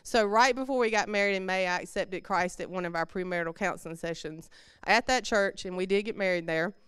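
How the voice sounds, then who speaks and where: A woman's voice: medium pitch, brisk, a bit bright, clear, resonant tone, dry recording, studio quality. A woman, telling her personal faith story in a church service in a conversational, heartfelt way. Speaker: church member giving testimony.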